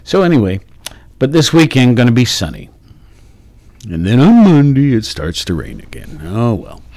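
A man's voice: mid-range voice, huge pitch swings, normal speed, gravelly, darkish tone, no room sound. A man hosting a morning radio talk show, chatting casually with many fillers and self-corrections. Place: radio studio. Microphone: studio microphone.

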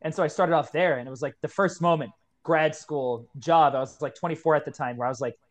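A man's voice: fairly high pitch, fast talker. A man in his twenties, a kettlebell coach, telling his story as a podcast guest in an earnest, heartfelt way. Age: 20s. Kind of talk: casual podcast conversation.

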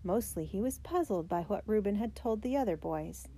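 A woman narrating a children's biography storybook, reading the characters' lines with raised pitch and emphasis. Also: lively intonation, moderate pace, warm tone, slight background noise. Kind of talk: storybook read-aloud.

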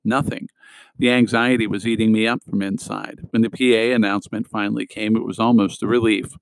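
Low-voiced man reading a novel aloud. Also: little pitch movement, a little fast, gravelly, no room sound, poor audio. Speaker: audiobook reader. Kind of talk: scripted narration of a novel.

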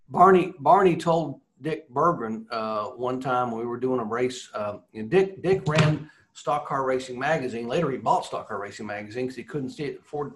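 A man who was a racing broadcaster, telling rambling, animated anecdotes in a casual interview. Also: mid-range voice.

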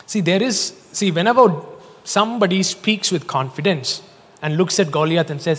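Male preacher, fairly high voice, animated storytelling sermon in a reverberant hall. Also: moderate pace, husky. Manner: animated storytelling, jokes and laughs.

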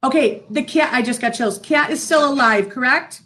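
A high-pitched, middle-aged woman talks as a guest on an interview show. She tells stories in a chatty way, full of fillers, and laughs easily. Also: normal speed, a bit bright. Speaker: psychic medium guest. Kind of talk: casual interview chat.

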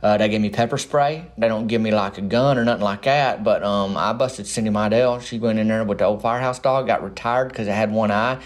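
Man, folksy, rambling, deadpan, comic monologue. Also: on the low side, a little fast, hardly any pauses. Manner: rambling, folksy, drawling, with slangy grammar. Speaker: comic small-town news narrator.

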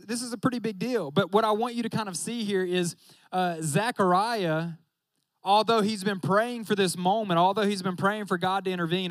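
High-voiced young preacher joking with the crowd. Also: male voice, a bit bright, no echo. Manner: joking, talks straight to the audience with "y'all". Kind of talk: casual sermon.

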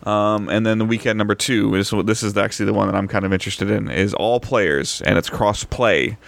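Male podcast co-host, deep gravelly voice, hesitant and filler-heavy casual chat. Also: fairly even intonation, fairly bright tone. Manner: halting, many fillers and restarts.

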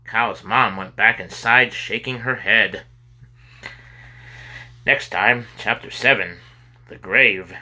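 A man reading a children's chapter book aloud with expressive delivery. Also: on the low side, takes it slowly, long pauses. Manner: expressive reading with sudden loud cries for characters. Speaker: storybook reader. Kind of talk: children's story read aloud.

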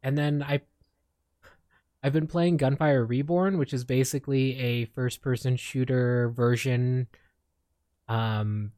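A man's voice: mid-range voice, fairly even intonation, takes it slowly, pauses often, dark tone, no room sound, studio quality. A young man from the Philippines chatting casually as a streamer, rambling with lots of fillers and restarts. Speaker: streamer and podcast co-host. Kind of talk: casual chat.

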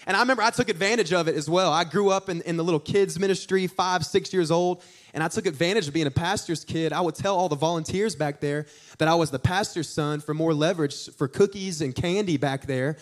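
Young guy preaching, kinda high voice, jokey storytelling, talks to the crowd a lot. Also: brisk. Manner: animated, jokey storytelling with audience asides. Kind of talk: storytelling sermon.

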